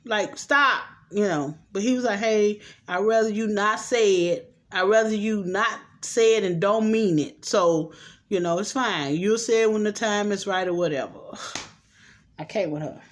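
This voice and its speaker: A middle-aged woman casually recapping a TV episode, acting out the characters' lines with slangy, animated asides. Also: mid-range voice, normal speed. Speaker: show recap host.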